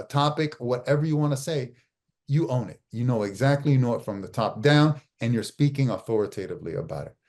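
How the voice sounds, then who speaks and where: A man's voice: medium pitch, dark tone. A middle-aged man teaching a masterclass as a media trainer, emphatic and coaching, repeating key phrases and restarting often. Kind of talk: live online masterclass teaching.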